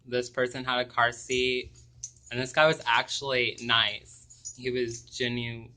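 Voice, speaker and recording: A young man telling a personal story to camera, halting and hesitant, with many pauses and ums. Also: mid-range voice, flat delivery, pushed and bright. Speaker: vlogger.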